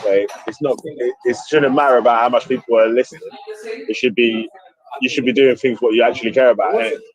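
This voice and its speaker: A man's voice: mid-range voice, brisk. A man hosting a casual online chat, laid-back and slangy. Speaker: host. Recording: dry, slightly dull online audio.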